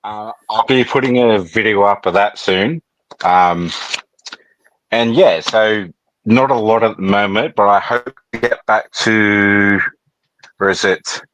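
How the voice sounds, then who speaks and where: A man from Australia, a guest on a video call, talking in an easygoing way with many pauses. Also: lowish voice, fairly bright tone, dull audio. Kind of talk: casual chat.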